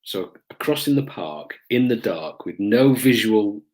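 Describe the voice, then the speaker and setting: A middle-aged man tells old police stories straight to the camera. His voice sits a little low and unhurried, broken by hesitant ums as he searches for the next detail. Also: lively intonation, darkish tone. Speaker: police officer recounting his career. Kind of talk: casual storytelling to camera.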